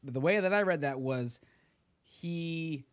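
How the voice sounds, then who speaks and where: A man's voice: fairly high pitch, unhurried, smooth. Man musing in a casual book chat.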